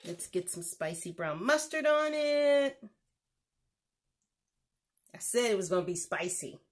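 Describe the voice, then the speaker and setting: Slow-talking woman cooking on camera, chatty and bubbly, laughs a lot. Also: medium pitch, big pitch swings. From United States. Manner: chatty, exuberant, laughs often. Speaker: cooking show host. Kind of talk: casual cooking demonstration.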